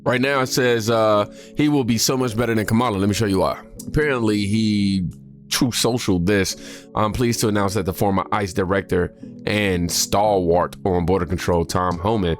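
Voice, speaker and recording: A man's voice: lowish voice, fairly even intonation, normal speed, soft background music. A man hosting a reaction video, chatting loosely and reading posts aloud while sick and short of breath. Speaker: reaction channel host. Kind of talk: casual reaction commentary.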